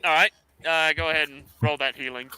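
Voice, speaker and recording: A man serving as dungeon master, describing scenes haltingly as he narrates a tabletop game. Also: on the high side, steady tone, bright, forceful tone, slight background noise. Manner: halting, full of fillers and restarts while describing scenes.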